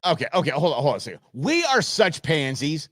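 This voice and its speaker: A man's voice: fairly high pitch, sing-song, fast talker, fairly bright tone, dry recording. A man from the United States hosting a show, chatting casually over viral videos with a rambling, chuckling manner and many fillers. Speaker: show host.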